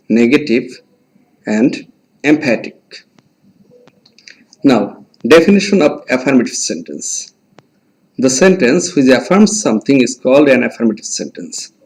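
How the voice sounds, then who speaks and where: A man with a Bangladeshi English accent, teaching an online English grammar lesson and slowly dictating examples word by word. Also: medium pitch, darkish tone, rough recording.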